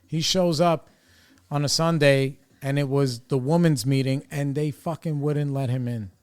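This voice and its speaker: A man's voice: medium pitch, fairly even intonation, unhurried, darkish tone, smooth. A man hosting a recovery podcast, telling a long, rambling story in a casual, profane, streetwise way. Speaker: podcast host.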